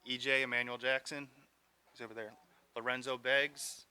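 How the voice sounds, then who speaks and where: A male football coach talking plainly about his team, using short, practical answers. His voice is strikingly bright and sharp. His pitch sits in an ordinary middle range. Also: level tone, moderate pace, smooth. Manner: matter-of-fact and plain-spoken. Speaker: high school football coach. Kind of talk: casual interview answers.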